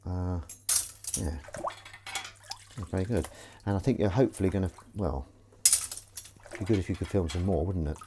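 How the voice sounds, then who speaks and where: A man's voice: low-pitched, moderate pace, pauses often, background noise. A man hosting a casual livestream, chatting and reading viewer comments while he washes dishes in his kitchen. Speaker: livestream host. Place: home kitchen at the sink. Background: clinking cutlery and running water.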